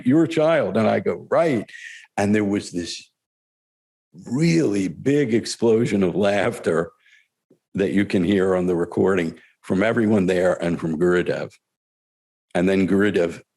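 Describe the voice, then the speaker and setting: An older man telling spiritual stories in a thoughtful, reflective way, pausing often and chuckling as he goes. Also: fairly low pitch, darkish tone. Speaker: spiritual storyteller. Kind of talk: reflective storytelling talk.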